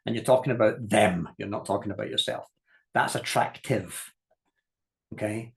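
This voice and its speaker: Man coaching with lively stories. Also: on the low side, normal speed, gravelly. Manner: lively storytelling, acts out quoted voices, laughs often; direct, repeats key points for emphasis. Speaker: business coach. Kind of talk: masterclass teaching talk.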